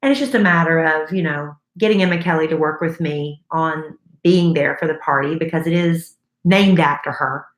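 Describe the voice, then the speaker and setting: A woman's voice: low-pitched, normal speed, few pauses, reverberant. A woman in her forties co-hosting a casual podcast, stuffed up from a cold and venting frankly about her teenager. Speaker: podcast co-host. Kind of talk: casual chat.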